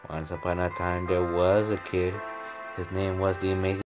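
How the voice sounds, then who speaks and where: A man's voice: low voice, monotone, moderate pace, music in the background. A young man casually commenting on his building game, playful and rambling, making up silly stories. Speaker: game channel host.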